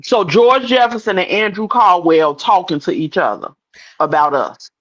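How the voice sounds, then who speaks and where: A woman's voice: on the low side, normal speed, a bit bright, lo-fi sound. A woman guest in a live chat room, insistently repeating herself in casual chat.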